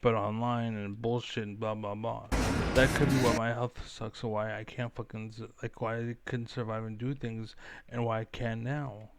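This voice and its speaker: A man's voice: medium pitch, flat delivery, normal speed, over loud music. A man streaming a game, ranting in a rambling, profane way as he comments on the play. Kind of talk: live-stream gaming commentary.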